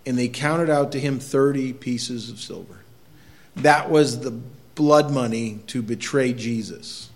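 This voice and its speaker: A man's voice: mid-range voice, measured pace. A middle-aged man preaching a sermon as pastor, talking casually with the congregation, asking them questions, and reading scripture aloud with growing intensity.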